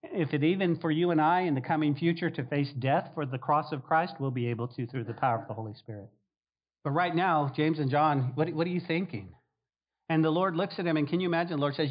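A man preaching a lively sermon, acting out prayers and the disciples' replies in different voices. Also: a little high, fast talker. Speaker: pastor. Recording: dull lo-fi sound.

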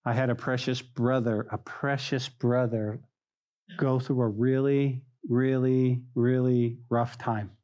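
A man's voice: medium pitch, slow pace, lo-fi sound. A man preaching a sermon as a pastor, telling stories and acting out mocking voices. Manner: animated, acts out mocking voices.

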